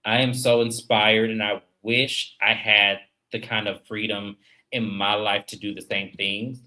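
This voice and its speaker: Animated man in his thirties, bright voice. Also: fairly low pitch, a little slow. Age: 30s. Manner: animated, emphatic, talks straight to viewers. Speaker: livestream host. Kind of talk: casual livestream commentary.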